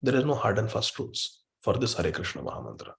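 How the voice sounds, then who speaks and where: Gravelly low-voiced man teaching scripture. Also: big pitch swings, quick pace. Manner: emphatic, repeats words for stress. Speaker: spiritual teacher. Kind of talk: devotional scripture class. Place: online meeting room.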